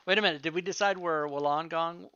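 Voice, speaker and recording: A man's voice: on the high side, brisk, pushed and bright, dull audio, slight background noise. A man in his fifties, a player joking around with others at the table and laughing often. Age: 50s. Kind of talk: casual banter at the table.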